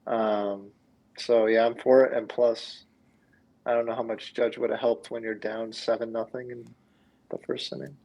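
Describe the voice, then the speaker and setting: A man's voice: mid-range voice, little pitch movement, moderate pace, gravelly, highs cut off. A man co-hosting a casual sports podcast, laid-back, giving short replies padded with fillers. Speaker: podcast co-host.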